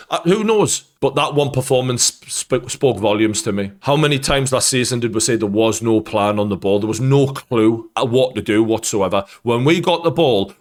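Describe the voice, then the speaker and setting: Sweary ranting man. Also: mid-range voice. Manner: angry, heavy swearing, ranting. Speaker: football fan host. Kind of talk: post-match reaction rant.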